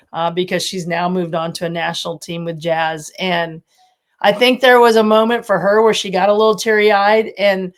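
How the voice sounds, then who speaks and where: A woman in her fifties, a former college softball coach, telling stories with animation and frequent laughter as a podcast guest. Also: medium pitch. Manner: animated storytelling, laughs often. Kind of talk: casual podcast interview.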